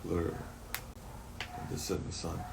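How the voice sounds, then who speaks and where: Deep-voiced man on a rambling rant. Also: monotone, brisk, vocal fry, background noise. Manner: rambling, swears often, heated and emotional at times. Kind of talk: rambling personal monologue.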